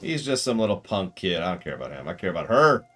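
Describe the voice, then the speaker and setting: A man casually commentating a strategy game as he plays, joking and reacting out loud. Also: low-pitched, big pitch swings, fast, slight background noise. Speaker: streamer.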